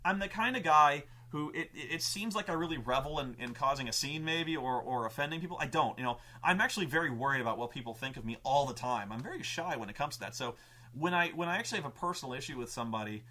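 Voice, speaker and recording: Bright-voiced rambling male storyteller. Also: on the high side, animated, fast talker. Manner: rambling, many restarts and stammered repeats; profane and emphatic. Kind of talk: casual anecdote.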